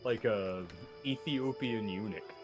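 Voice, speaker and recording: A man's voice: fairly low pitch, slow pace, faint music behind. A man bantering as co-host of a game stream, teasing and joking. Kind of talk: casual banter.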